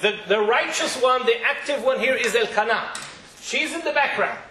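Brief: male Torah teacher, high and bright, animated, echoey room, faint noise. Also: normal speed. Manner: animated, mixes Hebrew quotes with English explanation. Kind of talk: Torah class.

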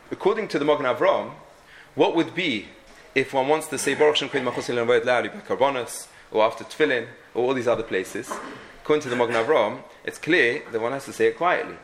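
Guy teaching a halachic lesson, bright forceful voice, lots of restarts, bit of room noise. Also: mid-range voice, quick pace. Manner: thinking aloud with frequent restarts, heavy Hebrew and Yiddish terms. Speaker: Torah teacher.

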